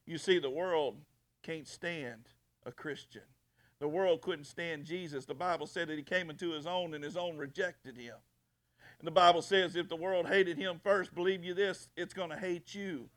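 A man's voice: fairly high pitch, normal speed, fairly bright tone. A male pastor preaching a fiery sermon, repeating himself and stumbling over restarts.

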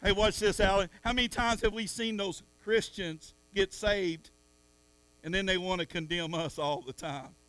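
A middle-aged man preaching a sermon in church, swinging from soft asides to loud calls at the congregation. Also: high voice, fairly even intonation, moderate pace. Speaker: pastor.

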